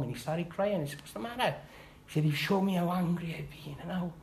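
A man's voice: a little high, a little mellow, poor audio. Heartfelt man giving testimony. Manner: halting and heartfelt, with restarts and rising emphasis. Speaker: testimony speaker. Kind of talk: personal church testimony.

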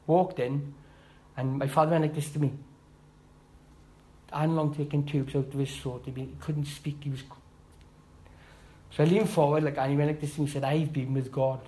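A middle-aged man giving a personal church testimony, halting and heartfelt, with restarts and rising emphasis. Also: on the high side, little pitch movement, mellow, rough recording. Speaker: testimony speaker.

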